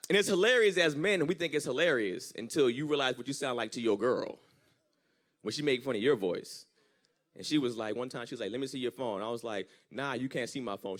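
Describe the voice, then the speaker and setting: A young man performing a stand-up comedy set on a church stage, telling stories with animated delivery and squeaky impressions of his girlfriend. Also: brisk. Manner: animated storytelling with high-pitched impressions.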